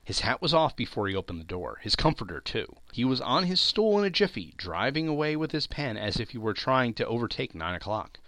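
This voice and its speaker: Expressive man reading a classic story. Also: mid-range voice, a little fast, hardly any pauses, no room sound. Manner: expressive storytelling with emphatic swings. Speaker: podcast host and reader.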